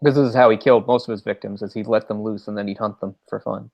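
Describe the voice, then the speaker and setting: A man's voice: fairly low pitch, steady tone, fast talker, creaky, darkish tone, dull audio. A man co-hosting a casual late-night movie commentary, chatty and opinionated. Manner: chatty, mimics characters in quotes. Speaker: commentary co-host.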